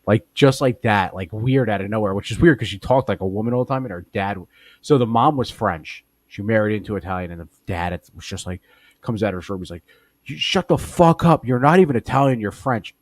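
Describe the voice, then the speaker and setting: A man's voice: on the low side, brisk, darkish tone. A man co-hosting a comedy podcast, telling rambling, profane stories in crude, casual banter. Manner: profane, rambling storyteller, trails off mid-sentence. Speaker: podcast co-host.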